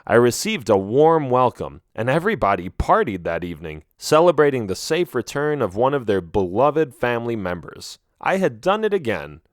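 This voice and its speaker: A man narrates a children's animal story in the first person with an expressive reading. His pitch is middling and moves about a lot. The recording is close and dry. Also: normal speed, hardly any pauses, dry recording. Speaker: audiobook narrator.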